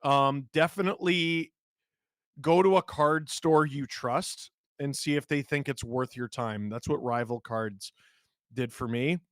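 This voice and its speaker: At medium pitch, a hoarse man whose voice is roughened by a cold hosts a live hockey watch-along. He reads chat and calls the play rapidly, punctuated by sudden excited shouts, all in a dry recording.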